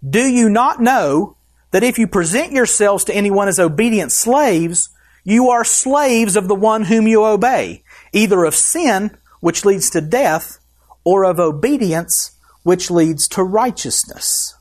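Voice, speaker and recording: A man's voice: high-pitched, animated, a little slow, a little mellow. A man preaching a sermon as pastor, emphatic and putting questions to the congregation.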